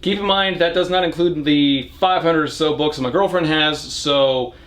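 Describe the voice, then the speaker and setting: A man's voice: a little high, moderate pace, fairly bright tone. A young adult man answering viewer questions in a casual Q&A, reading each question aloud and replying in a dry, offhand way. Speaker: book and movie reviewer answering viewer questions. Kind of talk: casual Q&A monologue.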